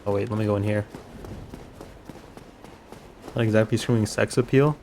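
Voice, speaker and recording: A man's voice: on the low side, fairly even intonation, normal speed, darkish tone, slight background noise. A man streaming a game, giving rambling, chatty commentary and swearing casually.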